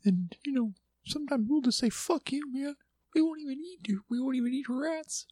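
A man doing a lazy, rude pet python with a high, whiny voice, pitched well above his own. The sound is close and dry. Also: moderate pace, warm tone, dry recording.

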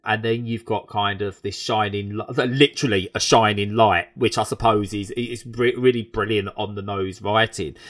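A man from England reviewing a TV show in casual, animated chat, rambling with frequent restarts. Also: lowish voice.

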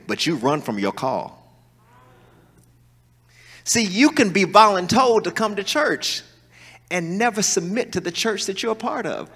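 Preacher guy, bright voice, storytelling sermon, long hall reverb, gets the crowd to answer back. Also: sits high. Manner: animated, folksy storytelling with call-and-response. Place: large church hall.

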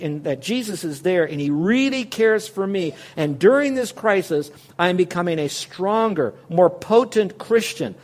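A man preaching a sermon as pastor, earnest and direct, asking the listeners questions. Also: high-pitched. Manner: earnest, speaks straight to listeners with rhetorical questions.

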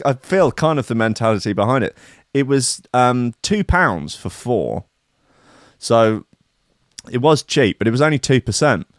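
A man's voice: medium pitch, animated, normal speed, dry recording, clean studio sound. A young British man hosting a casual livestream as a DJ, rambling, sweary and self-mocking as he chats. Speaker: DJ and stream host.

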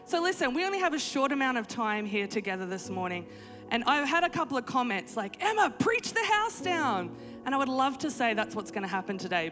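A woman in her thirties preaching at a conference, mixing prayer with humorous family stories, soaring high for emphasis and dropping soft and low when she prays. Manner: animated, jumps to high exclaiming pitch for emphasis. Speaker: conference speaker. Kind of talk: sermon with prayer and humorous storytelling. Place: conference hall stage.

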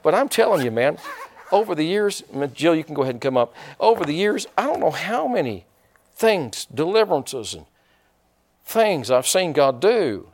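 A man's voice: on the high side, very animated, moderate pace. A male pastor preaching a sermon, asking the congregation questions and drawing responses. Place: church sanctuary.

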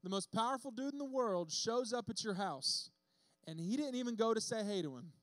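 A man preaching a sermon in a casual, lively storytelling way, acting out the characters' lines. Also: high-pitched, brisk, dry recording. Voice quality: bearded speaker. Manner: casual, animated storytelling with acted-out quotes.

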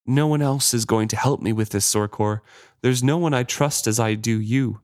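A man's voice: medium pitch, normal speed, no room sound, clean studio sound, close to an everyday voice. A man reading as a scheming wounded sea captain. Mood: pleading. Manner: read aloud quietly from a book. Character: manipulative injured male ship captain.

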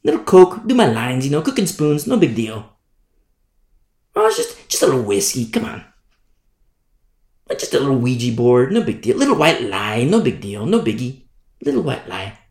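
A man's voice: medium pitch, big pitch swings, moderate pace, long pauses, darkish tone. A man voicing a careless adult man who shrugs off sin in an offhand, dismissive way. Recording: echoey room.

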